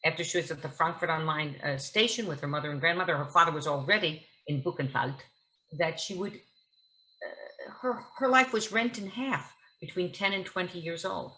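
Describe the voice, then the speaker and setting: A woman's voice: lowish voice, normal speed, pushed and bright, low-quality recording. A woman actress as a guest at a book talk, telling stories in a vivid, theatrical way. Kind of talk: onstage conversation at a book talk.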